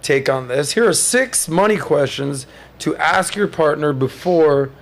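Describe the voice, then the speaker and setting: A man in his thirties hosting a casual podcast chat, telling stories in an animated way and mimicking others in high mocking voices. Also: measured pace. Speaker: podcast host.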